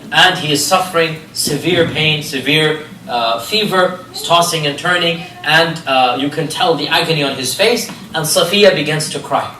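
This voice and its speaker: A man giving an animated religious history lecture, telling stories and asking his listeners rhetorical questions. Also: fairly high pitch, normal speed, few pauses, a little hiss or hum. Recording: echoey room, distant mic, faint ambience.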